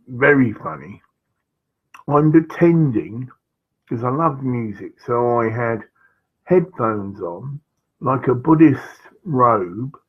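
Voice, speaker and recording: Slow gravelly man, rambling. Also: medium pitch. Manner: slow, digressive, with frequent fillers and asides. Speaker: vlogger. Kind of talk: rambling personal anecdote. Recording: dull lo-fi recording.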